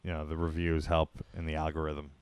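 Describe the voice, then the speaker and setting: A man hosting a live stream of prank calls, with deadpan, mock-polite insults. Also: extremely low pitch, fairly quick, smooth, no room sound. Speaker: prank call host.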